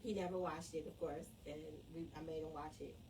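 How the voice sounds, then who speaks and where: This middle-aged woman has a low-pitched voice and talks fairly quickly with fairly even intonation. She's in casual live-stream chat, telling a story about her husband that makes her laugh and get emotional. Faint background noise comes through a distant mic.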